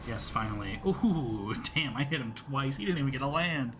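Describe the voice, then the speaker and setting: A man's voice: mid-range voice, animated, normal speed, few pauses, a bit bright. A young man rambles over his gameplay in an everyday mid-range voice, swearing and chatting to the enemies on screen. A faint hum of room sound sits under his talk. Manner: rambling, swears freely, talks to the enemy. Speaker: gameplay streamer. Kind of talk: casual gameplay commentary.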